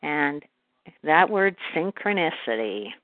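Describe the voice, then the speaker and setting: Woman from Canada, low-pitched guest. Calm channeled talk, speaks of herself in the third person. Phone-line sound. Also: slow, no echo. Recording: phone-like call audio.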